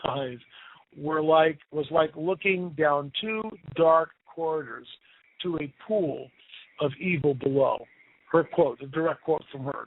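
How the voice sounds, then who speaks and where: Man telling eerie stories over a tinny phone line. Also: fairly high pitch. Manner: animated, tells spooky stories with emphatic repetition. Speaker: radio guest storyteller. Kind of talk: casual storytelling on talk radio.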